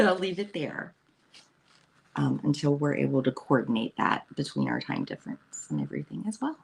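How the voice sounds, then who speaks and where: A woman's voice: sits low, wildly swooping pitch, normal speed, gravelly, breathy edge. A middle-aged woman from the United States hosting a casual morning live stream, chatty and rambling, laughing often and reading out viewers' comments.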